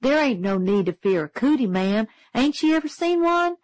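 A woman voicing a gallant, earnest young boy in a storybook reading, raised high and eager. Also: sing-song, normal speed, darkish tone, dry recording. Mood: soothing.

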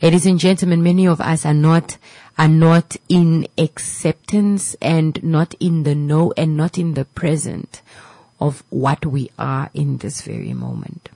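A woman's voice: low-pitched, animated, unhurried, gravelly, warm tone, dry recording, rough recording. A woman radio host giving a heartfelt motivational talk to her listeners, repeating her points and dropping to a whisper at times. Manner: repetitive, preachy, emotional, drops to a whisper at times.

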